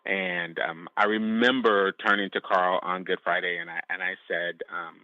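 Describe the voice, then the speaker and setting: A man sharing a personal testimony as a podcast guest, speaking in a halting, reflective way with frequent restarts. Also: deep voice, steady tone, dry recording, lo-fi sound.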